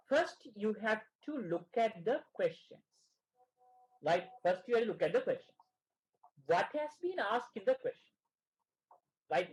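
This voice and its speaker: High-voiced man tutoring, repeating "right?". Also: rough recording. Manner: keeps asking "right?" and repeats phrases. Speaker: exam prep tutor. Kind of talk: online teaching session.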